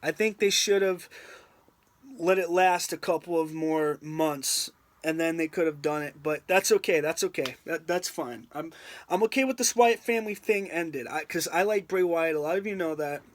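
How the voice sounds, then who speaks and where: A wrestling reviewer on a video channel rants with exasperation and emphasis, circling back to the same point again and again. His voice is mid-range and his speed normal.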